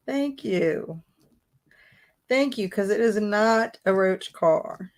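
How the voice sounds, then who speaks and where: A woman hosts a live stream in an unhurried, drawn-out way. She chats casually, reads viewers' comments aloud and keeps dissolving into giggles. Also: mid-range voice, expressive. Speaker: livestream host.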